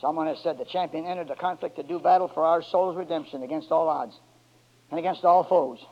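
A man preaching a sermon, moving from quiet low passages to loud, drawn-out, shouted climaxes with emphatic words that call for a response. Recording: dull lo-fi church recording.

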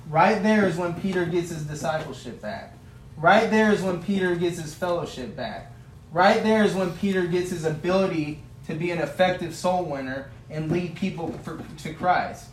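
A man's voice: high voice, moderate pace, roomy sound, a little hiss or hum, rough recording. A male preacher giving a sermon, retelling a story in a folksy, vivid way and building to passionate emphasis.

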